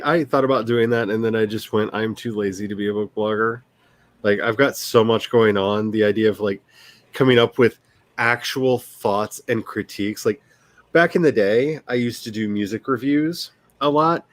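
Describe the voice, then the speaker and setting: A man's voice: medium pitch, normal speed, dry recording. A man hosting a casual livestream as an author, rambling and self-deprecating, who laughs often and restarts his sentences.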